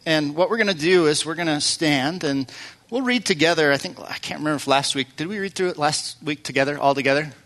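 A man's voice: on the high side, fast talker, fairly bright tone. A man preaching as pastor, telling stories in a loose, conversational way with fillers and restarts. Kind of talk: sermon.

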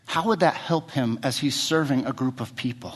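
A middle-aged man preaching a sermon as pastor. He asks his congregation many rhetorical questions and speaks in short fragments, often repeating words as he restarts. He moves between quiet, low questions and louder, higher stretches. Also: normal speed, husky.

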